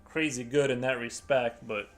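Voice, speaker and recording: A man chats casually while painting on a live stream, his voice sitting at an ordinary middle pitch. He rambles and hesitates, circling back through fillers and false starts. Soft music plays faintly behind him. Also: fairly even intonation, moderate pace.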